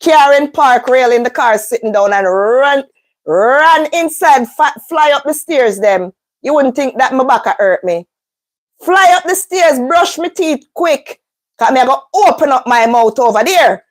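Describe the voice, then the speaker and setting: A woman talks straight to camera in a casual storytime. Her voice sits high for a woman. She tells it with animation, jumping into different voices for each person. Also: expressive, measured pace. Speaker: vlogger, mother of a schoolboy.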